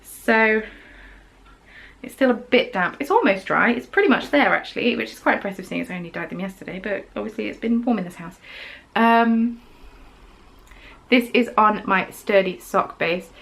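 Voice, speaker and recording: A woman's voice: medium pitch, normal speed, vocal fry, fairly bright tone, low-quality recording. A woman hosting a craft podcast, chatting casually as she shows off her handmade pieces, gushing and rambling with frequent ums. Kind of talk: casual show-and-tell chat.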